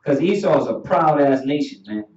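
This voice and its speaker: A man teaching a Bible class in an animated preaching style, laughing often and calling for each verse to be read. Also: fairly high pitch, normal speed. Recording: dull echoey room audio from far off.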